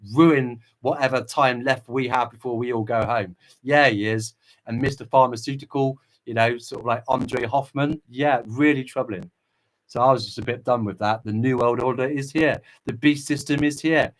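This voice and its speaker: A man's voice: mid-range voice, steady tone, normal speed. A man hosting a livestream, reading viewer chat and preaching with impassioned fervor. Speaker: channel host.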